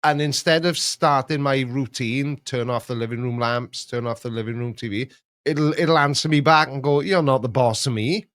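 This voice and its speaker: A man's voice: medium pitch, moderate pace, a bit bright, smooth, no echo. Playful man, dry close sound. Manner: jokey, laughs often, breaks into playful voices. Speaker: host. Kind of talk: casual chat on a stream.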